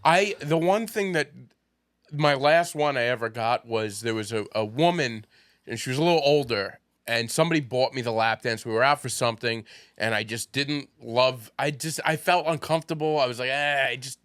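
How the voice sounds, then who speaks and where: Bright-voiced man telling a story. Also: mid-range voice, normal speed, dry recording, clean studio sound. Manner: laughing storyteller, acts out quotes. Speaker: podcast co-host. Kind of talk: casual comedy chat.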